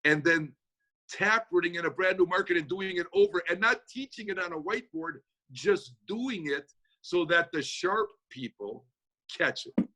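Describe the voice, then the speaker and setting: A man answering audience questions in a motivational Q&A over a video call, talking fast in a folksy, energetic manner. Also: high-pitched. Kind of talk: motivational Q&A talk.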